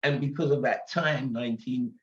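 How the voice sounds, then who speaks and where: An English man in his sixties tells stories as a guest, animated and quick to laugh. His voice sits in an echoey room. The sound is a little dull and muffled. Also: medium pitch. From England. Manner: animated storyteller, laughs often. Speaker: guest singer. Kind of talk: casual interview chat. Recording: roomy, dull-sounding audio.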